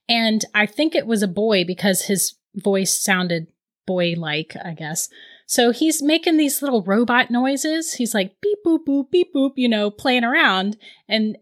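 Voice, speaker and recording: A woman in her thirties telling a ghost story in casual chat, animated and laughing often. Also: mid-range voice.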